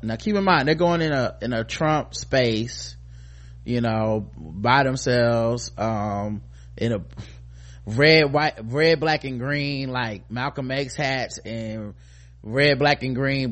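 Male host, mid-pitch, casual profane commentary, loose delivery with restarts. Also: takes it slowly, a bit bright. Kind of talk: casual commentary on a viral video.

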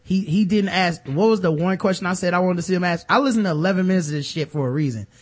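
Animated, profane man talking sports. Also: sits high, fast talker. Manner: animated, profane, mocking impressions. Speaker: podcast co-host. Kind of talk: casual sports talk.

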